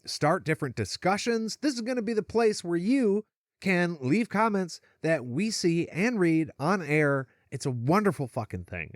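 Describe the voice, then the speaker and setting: A man co-hosting a podcast, chatting casually, animated, and laughing often. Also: fairly high pitch, no room sound, studio quality. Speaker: podcast co-host. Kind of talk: casual chat.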